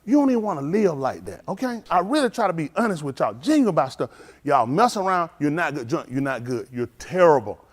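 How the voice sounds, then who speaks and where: A middle-aged male pastor, preaching informally and telling lively street stories in which he acts out the voices. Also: fairly high pitch, brisk. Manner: animated storytelling, acts out voices, laughs.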